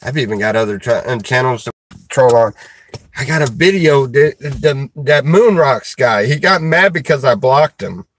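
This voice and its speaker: A man chatting casually on a livestream, reading chat comments aloud, halting with many fillers and restarts and chuckling as he goes. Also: mid-range voice, expressive, fairly bright tone.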